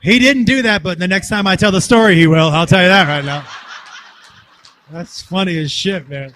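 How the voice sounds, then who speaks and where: A man telling a story on stage as a stand-up comedian and joking with the crowd, jumping between shouts and mutters. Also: high voice, moderate pace. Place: large hall with a live audience.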